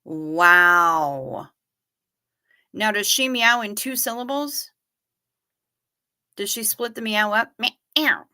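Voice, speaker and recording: A woman's voice: mid-range voice, slow pace, pauses often, pushed and bright, clean tone. A woman hosting a livestream, chatting casually with viewers and reading their messages aloud, wry and loose with the odd swear. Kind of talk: casual chat.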